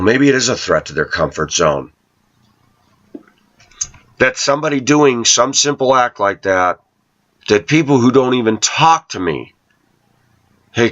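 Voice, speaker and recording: In lo-fi sound, a man with a mid-range, fairly bright voice chats to the camera on his YouTube channel. His workplace stories come out sarcastic and wandering.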